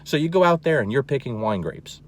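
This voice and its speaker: In this instructional clip, a male dog trainer addresses the camera in a plain, forceful way, repeating important words and checking in with "okay?" often. His mid-range voice has lively intonation and moves fairly quickly, with slight background noise.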